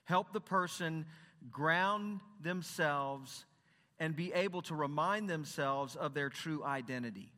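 A man speaking from a stage as a Christian counselor and former pastor, earnest and conversational in a sermon talk. His voice is bright and crisp and sits a little high. A long hall reverb trails after each phrase. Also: slow. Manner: earnest and conversational, with rhetorical questions.

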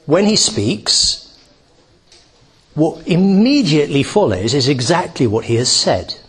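A man's voice: a little high, big pitch swings, a little slow, husky. A man giving a Bible teaching talk, reading a passage and explaining it with many restarts and asides. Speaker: preacher.

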